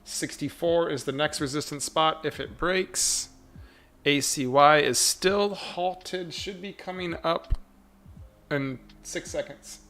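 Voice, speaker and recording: A man streaming his stock trading live, talking to himself and chat in a muttered running commentary that repeats phrases and breaks into sudden excited bursts. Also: fairly high pitch, slow.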